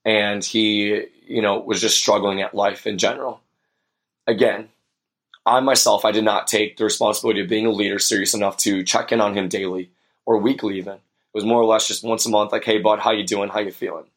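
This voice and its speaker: A man's voice: fairly low pitch, steady tone, a little fast, fairly bright tone. A young man hosting a podcast, telling a personal story in an earnest, reflective way with many fillers. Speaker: podcast host.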